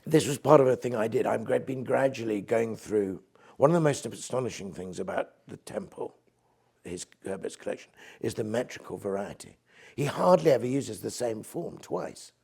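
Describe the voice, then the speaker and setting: An older English man, a poet and priest, talking through the craft of his poems in an interview and dropping low to recite verse. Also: lively intonation, normal speed, vocal fry, breathy edge. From England. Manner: enthusiastic, nerdy about poetic meter, drops to soft low recitation for verse.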